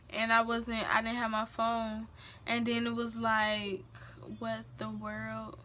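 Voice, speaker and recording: A young woman tells a story, emphatic and full of feeling. Her voice sits a little high and sounds bright. She talks straight into a home camera in a casual vlog style. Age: young adult. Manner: animated, emphatic, dialect-rich retelling. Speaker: storyteller vlogger.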